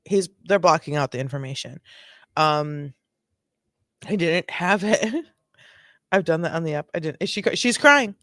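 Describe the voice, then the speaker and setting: A woman's voice: deep voice, a bit bright, no echo, clean studio sound. Chatty, joking woman host. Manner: chatty, joking, laughs often. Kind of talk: reaction commentary.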